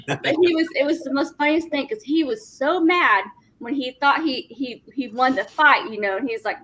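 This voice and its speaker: A woman's voice: sits high, brisk, few pauses, rough recording. A woman casually telling a family story among friends, acting out the quoted lines and laughing as she goes. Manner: animated, acts out quoted dialogue, laughing.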